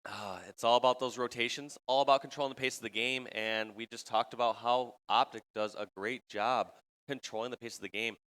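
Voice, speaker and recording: A man's voice: mid-range voice, steady tone, fairly quick, fairly bright tone, smooth, long reverb tail. A man giving color commentary at an esports event, explaining team tactics. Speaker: esports analyst.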